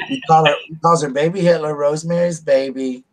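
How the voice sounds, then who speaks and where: A man's voice: fairly high pitch, steady tone, brisk, poor audio. A man, casually telling stories on his vlog and laughing at them. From United States. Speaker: vlogger. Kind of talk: casual storytelling.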